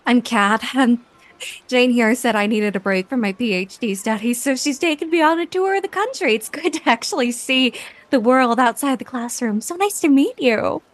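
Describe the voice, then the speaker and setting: A woman's voice: fairly high pitch, animated, normal speed. A woman playing a tabletop game, chatting eagerly in character. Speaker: player. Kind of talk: casual tabletop play.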